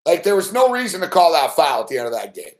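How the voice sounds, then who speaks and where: A man's voice: fairly high pitch, big pitch swings, fast. A young man hosting late-night sports betting commentary, ranting angrily and swearing at a referee. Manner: profane angry ranting.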